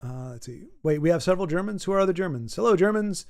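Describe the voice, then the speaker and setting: A man hosting a livestream and chatting casually with his viewers. He rambles, often stumbles and restarts, and pokes fun at himself. His voice sits a bit on the high side for a man. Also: lively intonation, quick pace, darkish tone. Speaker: livestream host.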